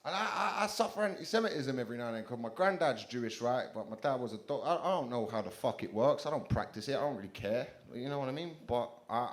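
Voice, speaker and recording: A young man with a South London accent performing a stand-up comedy set, swearing freely and mocking himself in a punchy delivery on a club stage. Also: mid-range voice. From England.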